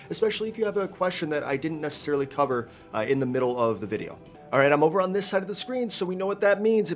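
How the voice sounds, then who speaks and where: An upbeat young man talks viewers through game challenges in a chatty, step-by-step way. His voice sits at a middle pitch. Faint background music plays under him. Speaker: gaming YouTuber. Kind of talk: casual game walkthrough talk.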